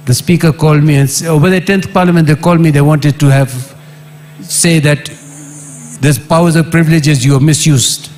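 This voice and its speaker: A middle-aged man with a Kenyan accent speaks at an assembly, his fairly high voice leaping up when he drives a point home. He repeats his demands with emphasis, a faint hum running underneath. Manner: emphatic and repetitive, with sudden rises in pitch and restarts. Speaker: former member of parliament. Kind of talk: impassioned public address.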